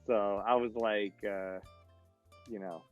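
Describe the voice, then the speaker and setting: A man's voice: fairly low pitch, fairly even intonation, slow pace, lo-fi sound, faint music behind. Rambling man telling party stories. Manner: rambling, fills speech with "like". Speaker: guest DJ. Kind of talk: casual storytelling.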